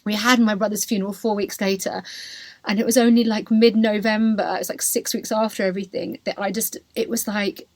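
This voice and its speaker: A woman's voice: mid-range voice, level tone, fairly quick, a little mellow, no echo. A woman, hosting a podcast and telling her own story candidly and emotionally, full of "like" and "you know". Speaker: podcast host. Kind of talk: personal storytelling.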